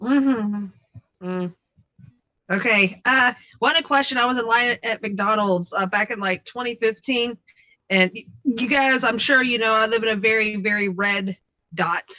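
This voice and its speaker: A woman in a casual group voice chat, telling a story in a relaxed way and hitting blunt punchlines. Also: on the high side, unhurried, no room sound. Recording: dull lo-fi mic.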